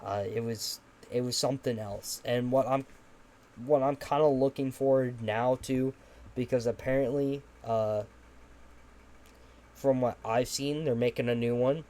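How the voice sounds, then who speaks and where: A man's voice: mid-range voice, fairly even intonation, a little slow, warm tone. Rambling young man hosting a podcast. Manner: rambling, swears casually, many fillers. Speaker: podcast host. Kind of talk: casual podcast chat.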